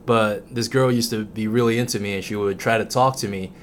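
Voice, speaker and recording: A man's voice: lowish voice, steady tone, brisk, slight background noise. A man hosting a podcast, joking around casually and sometimes slipping into a put-on drawl. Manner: jokey, slips into a put-on drawl. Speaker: podcast host. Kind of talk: casual chat.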